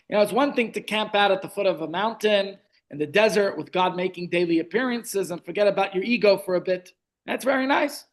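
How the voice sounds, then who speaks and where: A middle-aged man teaching a Torah class over a video call, chatty, with asides and restarts. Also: sits high.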